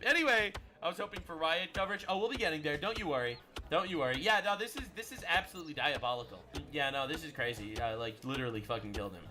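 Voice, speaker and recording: A brash, sarcastic male streamer rants through political commentary in a high, bright voice. He swears freely and talks with edgy, mocking energy. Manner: brash, profane and sarcastic ranting. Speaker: livestream host.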